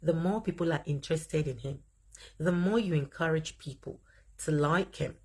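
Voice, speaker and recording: A Nigerian woman hosting a livestream, commenting in an animated way and reading out viewer comments as she speaks straight to her audience. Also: sits low, normal speed, slightly rough. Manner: animated, talks straight to viewers, laughs often. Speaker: livestream host.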